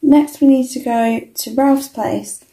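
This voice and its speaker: Give me an earnest little rabbit girl played by a woman reading a storybook, mellow and gravelly. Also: high-pitched, steady tone, takes it slowly, roomy sound. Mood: eager. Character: eager kind young rabbit girl.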